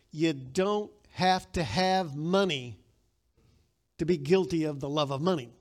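A man with a notably high speaking voice preaches a sermon. He talks in a casual, conversational way, then rises into loud, emphatic scripture lines that he has the congregation repeat back to him. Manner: leads the congregation in call-and-response. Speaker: pastor.

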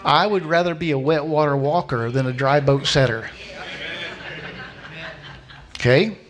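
A man preaching a sermon with a slightly higher voice than most men. He tells the story with energy, acting out the voices of its people, and slows down to repeat his key lines for emphasis. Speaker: pastor.

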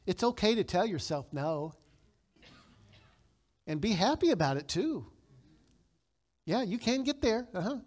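A pastor delivering a sermon, talking conversationally and then breaking into emphatic, loud lines of scripture while he leads the congregation in call-and-response. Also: a little high, measured pace, pauses often.

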